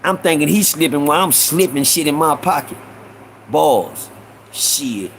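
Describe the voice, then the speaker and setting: A man hosts a loose storytelling stream, full of slang and shout-outs. His voice sits high for a man and rasps with a gravelly fry. He keeps circling back with repeated asides to his viewers. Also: expressive, measured pace, slight background noise, rough recording. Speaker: host.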